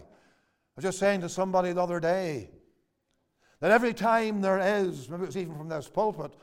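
A man's voice: high-pitched, brisk, pauses often, clean tone. An older man and pastor preaching a sermon in a church, quoting scripture in old-fashioned English and building to emphatic declarations. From Northern Ireland. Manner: preaching with King James quotations, rising to emphatic declarations.

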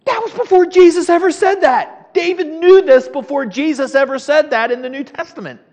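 A man leading a Sunday school Bible class, teaching in an animated, preacherly way with the odd chuckle. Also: very high-pitched, normal speed, big-room sound. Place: church classroom.

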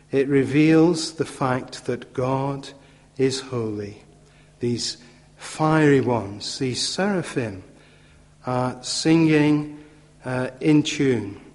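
A man delivers a sermon at an unhurried, deliberate pace, stressing key words through repetition. His mid-pitched voice carries a long reverb from a large hall or church. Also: darkish tone. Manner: measured, emphatic repetition with occasional fillers. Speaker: preacher.

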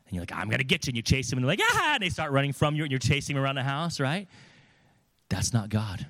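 A man preaching a sermon, lively and conversational, acting out the voices of the people in his examples. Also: medium pitch, fast talker. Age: adult with children. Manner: animated, acts out quoted voices.

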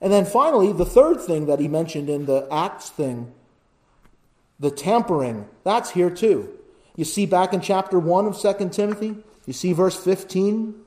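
A man with a high voice preaching a sermon as pastor. He builds to loud, emphatic lists and then drops to quiet pleading. He keeps checking in with his listeners by asking "right?". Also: animated, normal speed. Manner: asks the congregation "right?".

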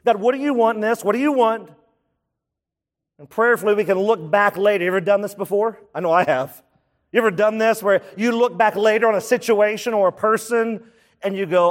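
High-voiced preaching man in a reverberant hall. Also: brisk. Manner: emphatic preaching with rhetorical questions and repetition. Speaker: pastor. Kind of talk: sermon.

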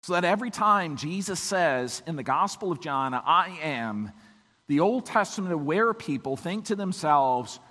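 A man preaching a sermon as pastor, his voice weakened this morning, swinging from hushed moments to emphatic peaks. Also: on the high side, expressive, measured pace, big-room sound. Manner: dramatic swings from quiet to emphatic. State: weak voice.

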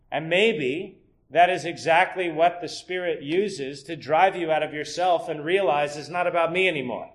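A middle-aged man delivers an expository sermon in a fairly high voice. He builds into emphatic rhetorical questions, then drops low and quiet to explain a point. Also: normal speed, few pauses. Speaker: preacher.

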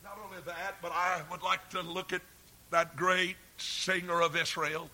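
A man preaching an earnest, folksy sermon, swinging from hushed, drawn-out phrases to forceful shouts. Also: high-pitched, little pitch movement.

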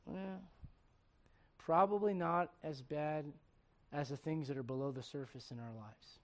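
A man preaching a sermon, acting out bits of dialogue with humor and laughter, swinging from loud punchlines to hushed, earnest points. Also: fairly high pitch, fairly even intonation, measured pace. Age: adult. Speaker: pastor.

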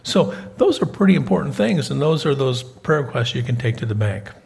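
A man's voice: mid-range voice, big pitch swings, brisk, gravelly, a little mellow. A man preaching a conversational sermon, folksy and fond of asking his listeners questions. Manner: folksy, repeats himself, asks the congregation questions. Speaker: preacher in prison ministry.

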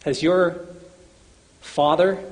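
A man's voice: fairly high pitch, steady tone, drawn-out words. A man preaching an earnest sermon, addressing his listeners as brothers and sisters, with long hall reverb.

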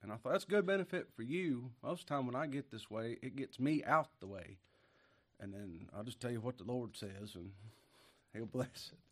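A man preaching a folksy sermon in a voice of middle pitch. He is sick with a cough and short of breath. He drifts from low, quiet asides to loud, emphatic preaching. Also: animated, moderate pace. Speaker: pastor.

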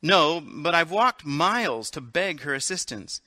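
A tired, humble poor villager, as a man reads him aloud, earnest and pleading. His voice is bright and pitched a little up. The sound is dry and close. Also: sing-song, measured pace, dry recording, full character voice.

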